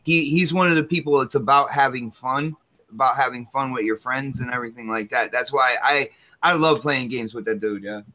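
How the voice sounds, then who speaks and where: A man's voice: mid-range voice, brisk, bright, forceful tone, low-quality recording. A man co-hosting a casual gaming podcast, enthusiastic and rambling, often repeating words as he goes. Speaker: podcast co-host.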